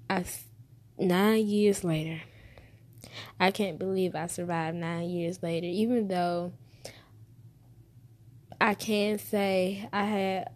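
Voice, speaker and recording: A woman's voice: on the low side, darkish tone. A woman in her twenties telling a personal story to the camera, heartfelt and emotional, repeating herself as she holds back tears. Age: 20s.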